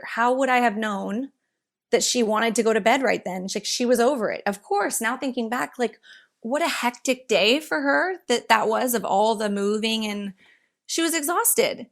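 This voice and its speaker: A woman in her thirties, a podcast guest, telling animated, rambling stories with quick restarts. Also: fairly high pitch, creaky. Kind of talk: casual interview storytelling.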